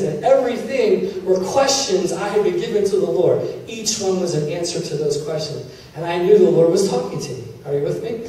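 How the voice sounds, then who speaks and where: A man preaching a personal testimony, his mellow voice carrying through a big echoey hall. He sits fairly high for a man and is picked up from a distance. He tells his story with feeling, acting out the dialogue. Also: a little fast, few pauses. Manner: emotional storytelling, quoting God and others in dialogue. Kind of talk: sermon testimony. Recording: very echoey hall, distant mic, faint hiss.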